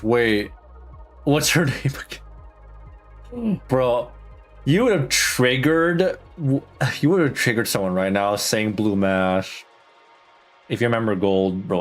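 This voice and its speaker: A man streaming a game, thinking aloud in casual, slangy chat with plenty of swearing. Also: mid-range voice. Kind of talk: casual gameplay commentary.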